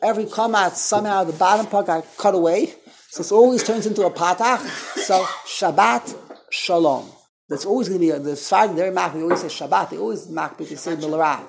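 A man's voice: high voice, quick pace, vocal fry, background noise. A man leads an informal Torah class in a conversational tone. He keeps tossing questions to his listeners and corrects himself mid-thought as he explains. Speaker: Torah teacher.

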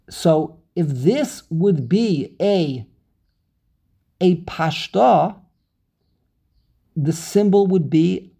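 Slow gravelly man teaching cantillation. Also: fairly high pitch, warm tone. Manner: explains step by step, repeats himself. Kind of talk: Torah cantillation lesson.

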